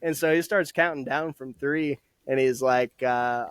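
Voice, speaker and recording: A man's voice: mid-range voice, unhurried, clean tone, no echo. Young man, podcast guest, casual storyteller, laughs a lot and swears; dry close recording. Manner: laughs often, swears freely. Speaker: podcast guest, former soldier.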